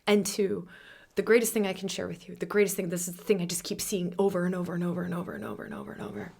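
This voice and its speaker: A woman hosts a spiritual astrology talk in a voice that sits a little low. She lingers on repeated, mantra-like phrases and now and then slips into soft whispered asides. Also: fairly even intonation, fast, gravelly. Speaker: astrology podcast host. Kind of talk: reflective spiritual monologue.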